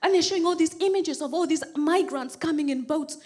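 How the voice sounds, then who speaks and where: A woman from Kenya performing a stand-up comedy set on a club stage, animated and acting out other people's voices. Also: extremely high pitch, brisk. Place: comedy club stage before a laughing audience. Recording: live club recording with audience laughter and noise.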